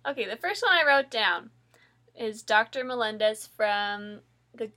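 Woman, bright and slightly high, bubbly casual chatter. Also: lively intonation, unhurried. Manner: bubbly, laughing while talking. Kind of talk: casual chat.

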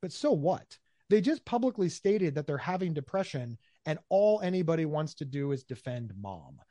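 Guy talking fast and lively in an interview, kinda high voice, mellow tone, dead dry sound. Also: no echo. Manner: animated, acts out quoted voices, repeats words. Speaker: guest, mental health speaker. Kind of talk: conversational interview answers.

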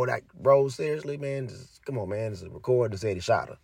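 A man's voice: mid-range voice, fast talker, vocal fry, dry recording, clean studio sound. A young man ranting heatedly to his viewers, cursing heavily and repeating himself as he gets worked up. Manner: heavy cursing, fired up, repetitive. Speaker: commentator. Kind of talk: heated casual rant to viewers.

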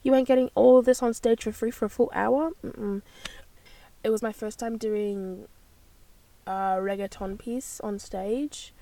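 A woman's voice: fairly high pitch, steady tone, a little slow, warm tone. A young woman, hosting a casual solo podcast in a bubbly, rambling way. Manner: bubbly and rambling, with frequent gasps and laughs. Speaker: podcast host.

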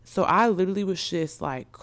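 A young adult woman telling her viewers a story in a chatty, excitable, slangy way. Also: fairly low pitch, fairly quick, no room sound. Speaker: vlogger.

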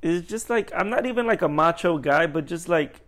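A man's voice: lively intonation, a little fast, fairly bright tone. A young man co-hosting a casual podcast, chatty and joking, often acting out what other people say in a raised voice. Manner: chatty, jokey, acts out quotes in high voices. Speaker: podcast co-host. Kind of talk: casual chat.

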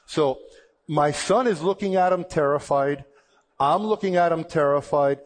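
A man's voice: fairly high pitch, a little slow. A middle-aged man telling a personal testimony in a casual, conversational way, with frequent restarts. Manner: lively, conversational retelling with repeated "and, and" restarts. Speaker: speaker sharing a personal testimony.

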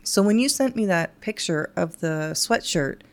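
A woman co-hosting a podcast in casual chat, playful and quick to laugh. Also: on the low side, expressive. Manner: chatty, laughs often, playful. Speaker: podcast co-host.

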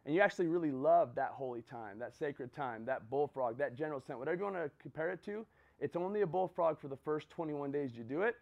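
A man's voice: fairly high pitch, expressive, quick pace, creaky, dull audio. A man giving a motivational talk to a group, telling a story and checking in with "right?" and "okay?". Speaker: motivational speaker.

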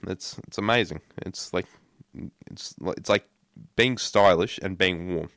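A man's voice: sits low, a little slow, a bit bright, no echo. A young man co-hosting a casual podcast, often repeating his words as he starts sentences. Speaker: podcast co-host.

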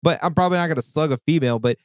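A podcast host in his thirties chats casually before telling a story as a heated, profane rant. His slightly high voice races along, and the recording has no echo.

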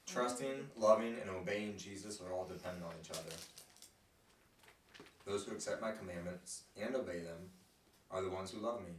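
A man's voice: deep voice, normal speed, pauses often. A man leading a Bible study group, asking questions and explaining the passage in an encouraging way. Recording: echoey room, from a distance, faint noise.

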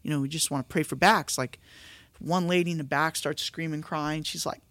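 A male pastor telling stories in a casual, animated podcast chat, restarting often and saying dude and bro. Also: fairly high pitch, normal speed, dry recording.

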